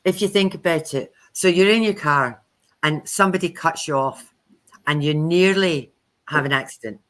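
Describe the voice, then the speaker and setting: A chatty woman co-hosts a casual live stream. She tells lively anecdotes and slips into voices when she quotes people. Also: low voice, moderate pace. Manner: chatty storyteller who acts out quoted speech. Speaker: co-host of a live spiritual chat stream.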